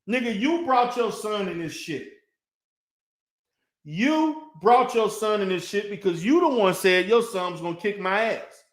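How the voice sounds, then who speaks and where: High-voiced man ranting in an echoey room. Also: animated, measured pace. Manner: profane, mocking, heated. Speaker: online commentator. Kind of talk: ranting response video.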